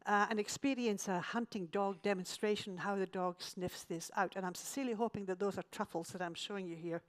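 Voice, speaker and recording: A woman's voice: mid-range voice, fairly even intonation, fairly quick. A woman from Scotland, giving an illustrated travel lecture with dry, self-mocking jokes.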